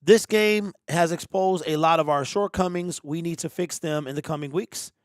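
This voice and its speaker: A fairly high-voiced man hosts a live football watch party from a home streaming setup, calling the plays and bantering with his chat. His sound is close and dry, and he flares into exasperated outbursts when plays go wrong. He is from the Detroit area. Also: moderate pace, clean tone, dry recording.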